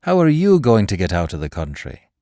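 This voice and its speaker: A man voicing a cold, sadistic male interrogator who taunts his captives slowly and mockingly in an audiobook thriller. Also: fairly low pitch, huge pitch swings, warm tone, no echo, clean studio sound. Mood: mocking cruelty. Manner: cold, mocking, slow and menacing.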